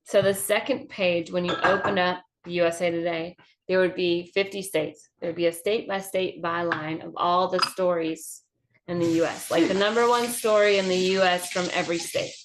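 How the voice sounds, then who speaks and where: A woman's voice: lowish voice, fairly even intonation, background noise. A woman from Georgia with a Southern accent, a comedian telling a chatty, profane story over drinks. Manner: chatty, profane, quick anecdotes. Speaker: comedian guest.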